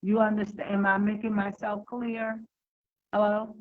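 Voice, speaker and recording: Slow, hesitant woman teaching over a call. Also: medium pitch, completely flat delivery, narrow, tinny audio. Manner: hesitant, many fillers and restarts. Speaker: speaker on overcoming fear. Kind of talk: unscripted teaching talk.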